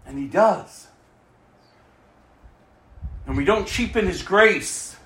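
A man preaching a sermon in a high, lively voice that swoops up and down. He drives home each point with rhetorical questions and swings from loud to hushed. The room around him is echoey. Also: takes it slowly. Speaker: pastor.

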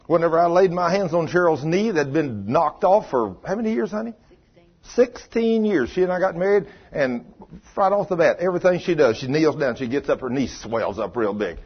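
A man telling a story in a sermon, folksy, going from hushed to loud and excited. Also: medium pitch, fast talker, slightly rough. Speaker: preacher. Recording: dull muffled sound.

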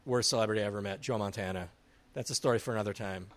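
A man with a low voice chats casually on a podcast. He stays easygoing while he poses the questions and moves the talk along. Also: very fast. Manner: relaxed, steers the questions. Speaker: podcast co-host. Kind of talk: casual chat.

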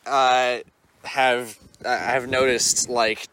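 A man's voice: mid-range voice, little pitch movement, very slow, sharp tone, a little hiss or hum. A young man co-hosting a podcast in casual chat, rambling with lots of fillers. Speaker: podcast co-host.

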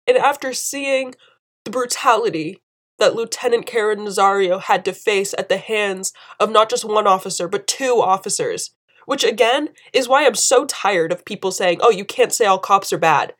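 A young woman hosting a podcast, speaking alone in earnest, emotional commentary and repeating phrases for emphasis. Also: lowish voice. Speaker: podcast host. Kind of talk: impassioned solo commentary.

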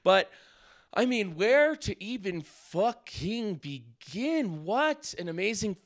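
A young American man co-hosting a casual podcast, animated and swearing freely as he riffs. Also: high-pitched, takes it slowly, dry recording, studio quality. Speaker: podcast co-host. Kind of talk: casual profane chat.

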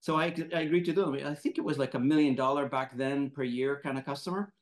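A man hosting an interview, telling a personal story in a lively, animated way and acting out quotes. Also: mid-range voice, fast talker, reverberant. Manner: animated, laughing storyteller who acts out quotes. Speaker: podcast host, moderator. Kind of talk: casual storytelling in conversation.

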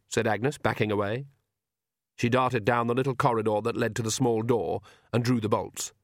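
A man narrating a comic fantasy audiobook in a measured, expressive reading style. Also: mid-range voice, no room sound, studio quality.

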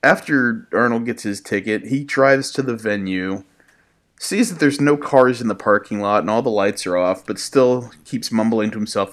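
A man's voice: fairly low pitch, normal speed, fairly bright tone. Chatty Midwestern man on a podcast. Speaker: podcast co-host. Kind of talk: casual movie chat.

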